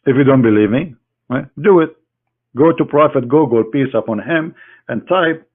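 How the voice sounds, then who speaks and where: A man giving a combative screen-share lecture in mocking, halting English as an online debater. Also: mid-range voice, animated. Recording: tinny phone-like online audio.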